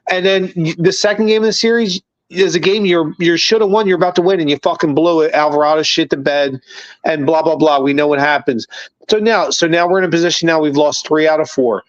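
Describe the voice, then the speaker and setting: A man co-hosting a laid-back sports and beer podcast, his voice sitting on the higher side for a man. He talks in an animated, emphatic way, peppering it with profanity. The sound is dull and lo-fi, with a dry, close feel. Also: fairly quick, no room sound. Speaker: co-host. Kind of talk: casual podcast chat over beers.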